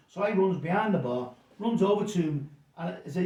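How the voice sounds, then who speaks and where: A middle-aged man rambles through stories and stumbles over repeated words. His voice sits a little high. He sounds set back from the mic in a roomy, echoing space. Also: animated, fairly quick, mellow, distant mic. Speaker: pub landlord guest. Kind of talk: casual storytelling interview.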